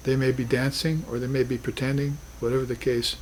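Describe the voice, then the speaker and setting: A man's voice: mid-range voice, level tone, normal speed, a little hiss or hum, rough recording. A man teaching a class on spiritual philosophy, talking in an earnest, reflective way with emphatic bursts. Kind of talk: recorded class lecture.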